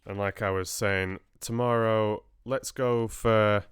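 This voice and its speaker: A man's voice: on the low side, steady tone, takes it slowly, clear, resonant tone, dry recording. A man hosting a casual livestream book club, chatting and rambling to viewers with laughs.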